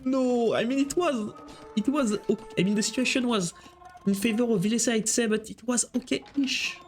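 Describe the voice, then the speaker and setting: A man giving live esports commentary, excitable and joking as he jumps between calling the play and chatting with viewers. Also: very high-pitched, normal speed, soft background music. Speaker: esports caster.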